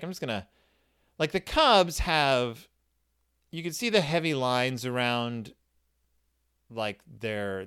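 Male reviewer, casual solo chat, rambling and wry, animated delivery. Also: a little high, smooth. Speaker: book reviewer.

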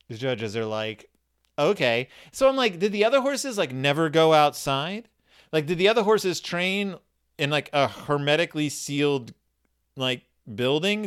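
Guy riffing sarcastically on a kids' book, voice fairly high and bouncing all over, jumps into little character voices. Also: clear, resonant tone. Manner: animated, sarcastic, acts out characters in quick asides. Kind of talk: comedic storytelling recap.

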